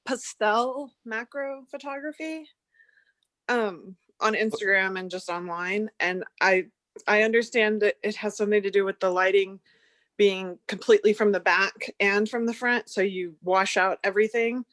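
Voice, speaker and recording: A woman asking curious questions in a casual group discussion on a video call, pausing with um. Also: medium pitch, fairly bright tone, dry recording.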